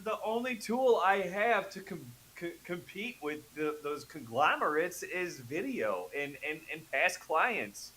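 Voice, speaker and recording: A man talking casually as a radio show guest about loans, animated and self-deprecating, laughing often. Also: on the high side, a little slow, few pauses, slight background noise, low-quality recording. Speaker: VA loan specialist guest.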